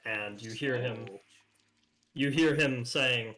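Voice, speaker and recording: Slow-speaking male game master. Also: medium pitch, sharp tone. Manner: unhurried, descriptive narration with fillers. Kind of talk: narrating a tabletop game. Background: background music.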